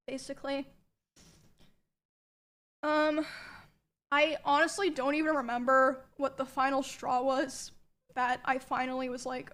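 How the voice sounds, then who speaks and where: A young woman quietly recounting a painful past experience, hesitant, with many pauses. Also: high voice, level tone. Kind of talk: personal account of a painful past.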